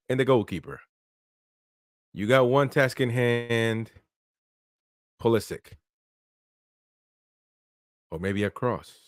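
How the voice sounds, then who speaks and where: Casual man, fan-style play-by-play, smooth voice, dry close mic. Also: medium pitch, dry recording. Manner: casual play-by-play, talks to viewers, laughs often. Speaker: watchalong host. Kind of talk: live match commentary and chat reading.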